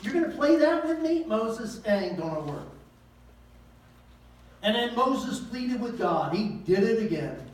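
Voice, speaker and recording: A man's voice: very high-pitched, very animated, unhurried, long pauses. A male pastor preaching a sermon in a folksy, conversational way, with slang and pointed rhetorical questions. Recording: echoey room, voice from far off.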